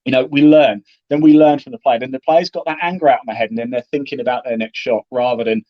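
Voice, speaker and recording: A man talks golf broadcasting at a brisk clip, chatty and animated, slipping into little acted-out exchanges. The recording is dry and a bit dull, like a lo-fi podcast mic. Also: medium pitch, no room sound. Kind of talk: casual interview talk.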